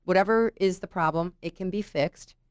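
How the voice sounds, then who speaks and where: In a dry, studio-quality recording, a middle-aged woman with a fairly low, clean voice swaps work stories over casual conversation. She keeps a moderate pace and frequently says "you know" and "right?" to check in.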